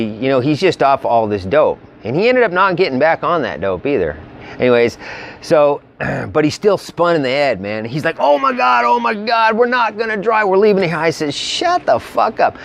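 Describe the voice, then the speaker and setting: A man's voice: mid-range voice, a little hiss or hum. A man telling a rambling road story to his vlog audience in a casual, profane, slangy way. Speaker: motorcycle travel vlogger.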